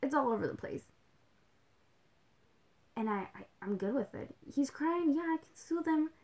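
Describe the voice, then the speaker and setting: A woman's voice: high voice, animated, normal speed, a little mellow. A young woman talking in a rambling, casual way as a livestream host, full of "like"s, slipping in Spanish phrases now and then. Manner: chatty, rambling, with many "like"s and little laughs. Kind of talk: casual chat.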